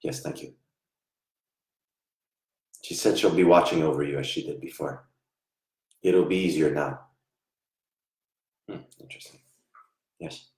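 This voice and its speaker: A man giving a live online psychic reading, soft-spoken and halting, often trailing off quietly. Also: extremely low pitch, vocal fry. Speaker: psychic medium. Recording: echoey room.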